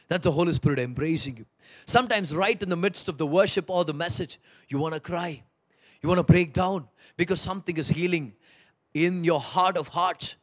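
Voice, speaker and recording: A man preaching a sermon as pastor, moving between hushed tender pleading and loud emphatic preaching. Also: high voice.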